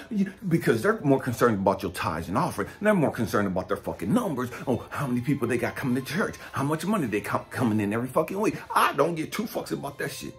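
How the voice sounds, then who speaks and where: Blunt, profane preaching man with a lively pitch. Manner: blunt and profane, swinging between low muttering and high shouting. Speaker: spiritual coach and speaker. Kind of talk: profane street-style preaching monologue.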